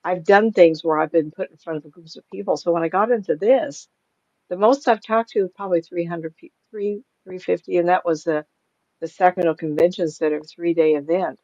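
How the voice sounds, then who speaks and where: Older woman, interview guest, gravelly, rambling anecdotes, laughs often, dry sound. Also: lowish voice, fairly even intonation, fairly quick, dark tone, no echo, dull audio. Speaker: psychic medium, guest. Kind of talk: casual interview talk.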